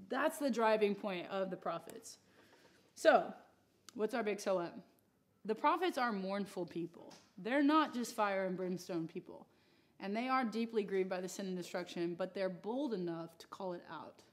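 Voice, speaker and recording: A woman's voice: mid-range voice, lively intonation, normal speed. A woman teaching a Bible study class in a casual, joking way, with asides to the room. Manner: chatty and joking, with asides to the audience.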